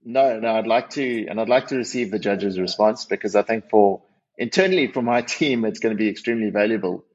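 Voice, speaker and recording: A South African man, managing partner of a winery, is a guest on a radio interview, chatting with plenty of restarts and self-deprecating humour. His voice is on the low side, slightly rough and fairly quick, in dull lo-fi audio.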